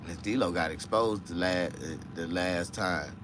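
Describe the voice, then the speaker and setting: A man hosting a casual livestream chat, rambling and profane, dropping to low mutters and jumping to high excited outbursts. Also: slow, background noise. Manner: profane, rambling street talk. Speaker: livestream host.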